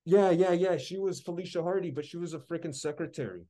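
A man's voice: fairly high pitch, quick pace, dark tone. A man co-hosting a podcast, ranting in a heated, sarcastic way during casual chat. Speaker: podcast co-host.

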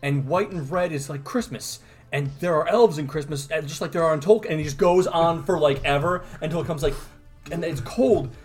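A man's voice: a little high, brisk, husky, soft background music. A man co-hosting a casual comic book review podcast, rambling and joking. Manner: rambling, joking, laughs often. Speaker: podcast co-host.

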